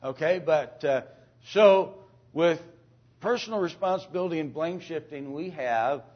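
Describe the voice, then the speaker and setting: A man teaching an informal Bible lesson to a class, speaking haltingly with many fillers, restarts and throat-clearing, and often asking the class questions. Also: fairly high pitch. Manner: asks the class questions and calls on students. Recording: dull lo-fi recording.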